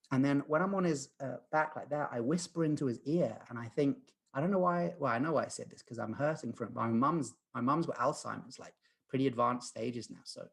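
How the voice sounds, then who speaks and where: Guest, male, 30s: husky voice, earnest and rambling storyteller. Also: mid-range voice. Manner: earnest, rambling, many fillers and restarts. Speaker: guest, lucid dreaming practitioner. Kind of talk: podcast conversation, storytelling.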